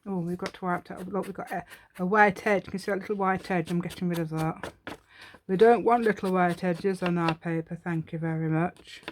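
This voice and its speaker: Woman doing a craft tutorial, kinda low voice, rambles n laughs a lot. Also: fairly even intonation, fairly quick, slight background noise. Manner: rambling, talks to herself, laughs often. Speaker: craft channel host.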